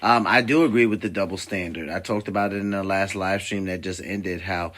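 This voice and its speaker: A man hosts a casual livestream, reacting to clips in a loose, rambling way full of fillers and restarts. His voice sits on the low side. He talks like he is chatting with friends. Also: fairly even intonation, fairly quick, fairly bright tone, a little hiss or hum. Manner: conversational, rambling, uses many fillers. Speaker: livestream host. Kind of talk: casual reaction stream commentary.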